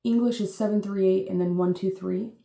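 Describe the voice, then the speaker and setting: A woman's voice: mid-range voice, fairly even intonation, fairly quick, vocal fry, warm tone. A woman giving a casual, meandering reading as host, chatty and full of fillers, swearing playfully now and then. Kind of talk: casual rambling live reading. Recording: roomy echo with faint noise.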